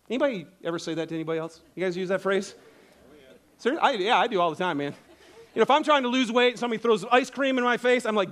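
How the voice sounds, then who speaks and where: Male pastor, high voice, animated storyteller, casual sermon delivery. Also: fast. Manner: animated storytelling, acts out quotes, casual asides.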